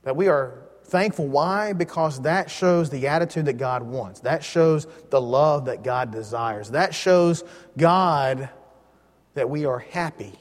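A man teaching a Bible lesson in a relaxed, joking way, leaning hard on key words. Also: on the high side, slow, in a large hall.

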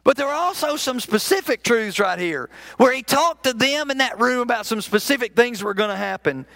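Male minister, high gravelly voice, bright tone, folksy conversational sermon delivery. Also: expressive, fairly quick, dry recording. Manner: folksy, conversational storytelling with frequent restarts. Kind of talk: sermon with storytelling.

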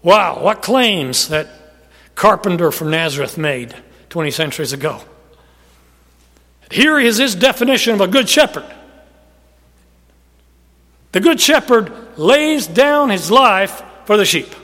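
A man preaching a sermon as a pastor, emphatic, rising loud and dropping to a hush. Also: high voice, big pitch swings, unhurried, pauses often, long reverb tail.

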